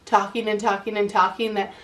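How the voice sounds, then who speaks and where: A woman's voice: mid-range voice, flat delivery, brisk, fairly bright tone. A woman vlogging in casual chat, talking on with lots of "like" fillers and running short of breath between phrases.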